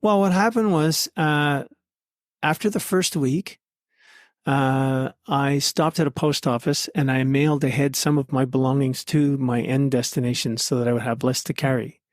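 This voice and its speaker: A man's voice: medium pitch, steady tone, moderate pace, no echo, studio quality. A man being interviewed as a podcast guest, telling his story in an earnest, heartfelt conversational way.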